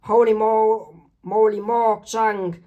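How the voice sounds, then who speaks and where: Man reading as paranoid teacher, shrieking, pushed high and loud. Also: flat delivery, takes it slowly, phone-quality sound. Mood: frantic.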